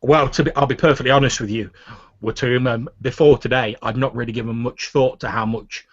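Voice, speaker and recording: A man's voice: mid-range voice, steady tone, brisk, dry recording, close to an everyday voice. A man voicing a nervous young town guard who stammers and keeps apologizing. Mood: candid. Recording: muffled lo-fi recording.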